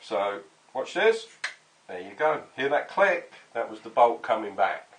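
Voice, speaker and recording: A man's voice: medium pitch, sing-song, measured pace, fairly bright tone, slight background noise, poor audio. A man chatting casually while he works in his home garage workshop, explaining each step and swearing now and then. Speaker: workshop maker.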